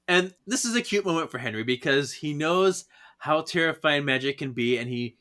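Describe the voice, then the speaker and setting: A man co-hosting a podcast, chatting casually through a comic recap. His voice sits a little high and he giggles often as he talks. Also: expressive, moderate pace, bright, forceful tone. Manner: giggly, acts out quoted lines. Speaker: podcast co-host.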